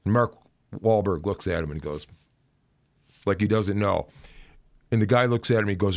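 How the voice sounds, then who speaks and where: A man hosting a casual livestream rant about football, telling a story in a rambling way with many restarts and fillers, in a small sound-softened studio. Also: lowish voice, moderate pace, creaky, long pauses, no room sound. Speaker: host.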